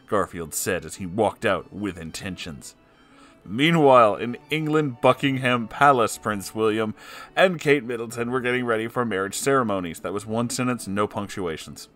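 A man's voice: fairly low pitch, moderate pace, fairly bright tone, faint music behind. A young man reading a silly fan story aloud, mock-serious and cracking up with disbelief. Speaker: story reader.

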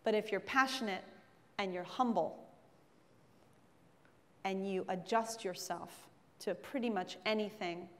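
Speaking to students in a big hall with long reverb, a middle-aged chef offers a frank, funny motivational talk full of self-deprecating asides. Her voice is mid-range and unhurried, broken by long pauses.

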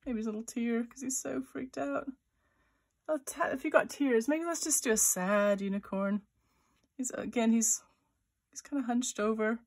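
On the high side and at normal speed, the woman's voice guides a children's drawing lesson. This author-illustrator muses aloud as she sketches, chats playfully, and voices little sound effects for what she draws.

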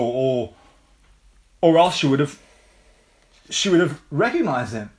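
A man with an English accent preaching a sermon, unhurried and measured, leaning on rhetorical questions. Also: fairly high pitch, lively intonation. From England.

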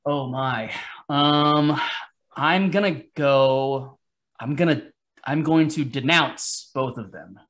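A man's voice: medium pitch, slow pace, a bit bright. A man who is a podcast guest, chatting casually and rambling, with a self-deprecating streak and free swearing. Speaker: podcast guest, comic artist.

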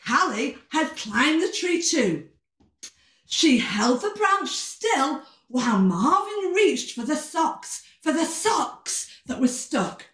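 A woman reading a storybook aloud to children in an animated, sing-song way, with gasps and sound effects. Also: high-pitched, takes it slowly, echoey room, distant mic.

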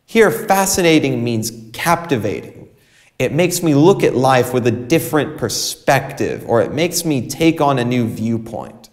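A male teacher presents a recorded English writing lecture with an animated, swooping voice. He uses dramatic pauses and shifts of emphasis to keep things expressive. The sound carries a long, hall-like reverb. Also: medium pitch. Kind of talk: video lecture.

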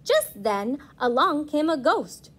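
A woman reading a picture book aloud to young children as a preschool teacher, asking them questions as she goes. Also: high-pitched. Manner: slow, lively storytelling, asking children questions.

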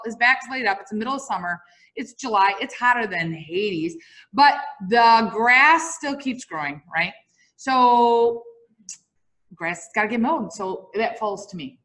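A middle-aged woman teacher giving a classroom lecture, telling a story and quizzing her students in a lively, bouncy way. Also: on the high side.

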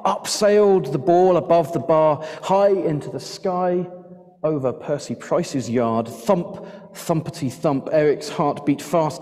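A man reading a rhyming children's story aloud in a church, lively and expressive. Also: a little high, measured pace. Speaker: church children's address leader. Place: church sanctuary. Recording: long church reverb.

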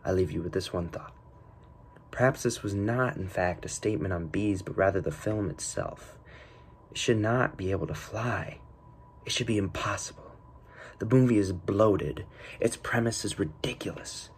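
A man's voice: lowish voice, moderate pace, slight background noise. A man narrating a scripted video essay in an earnest, mock-serious tone.

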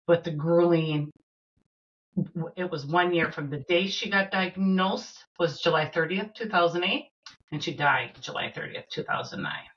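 A middle-aged woman from Minnesota telling a personal story as a podcast guest, earnest and halting with fillers and restarts. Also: low-pitched, gravelly, fairly bright tone, highs cut off.

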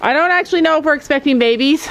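Candid woman in her fifties, fairly high voice. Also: very fast, a bit bright, a little hiss or hum, rough recording. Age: 50s. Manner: candid, reflective and emotional, breaking off to chat to animals. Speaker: farm vlogger. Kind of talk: casual vlog chat. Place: cold barn indoors.

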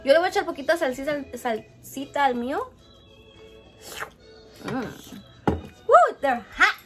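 A woman's voice: sits high, sing-song, moderate pace, sharp tone, soft background music. A woman hosting a casual cooking video in her home kitchen, swearing freely and mixing Spanish and English in a jokey, candid way. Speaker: cooking vlogger.

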